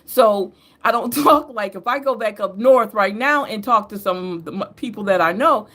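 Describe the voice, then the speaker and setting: A woman's voice: medium pitch, moderate pace, hardly any pauses, fairly bright tone. A woman from New York with a Southern drawl picked up over the years, hosting a reading show in a chatty, rambling way with laughs and self-corrections. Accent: Southern US drawl over an upstate New York base. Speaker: host and astrology reader. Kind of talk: casual rambling chat.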